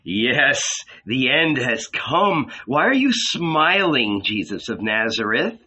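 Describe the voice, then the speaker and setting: A man's voice: medium pitch, very animated, pushed and bright, dull audio, exaggerated voice. Man voicing a mocking evil spirit. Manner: sly, taunting, slow. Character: mocking male spirit in boy form, malicious.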